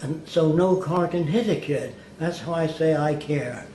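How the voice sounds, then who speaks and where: A man's voice: a little high, measured pace, mellow, slight background noise. A man in an interview telling anecdotes in a plainspoken, wry way, often acting out the people he quotes. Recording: roomy archive recording, faint ambience.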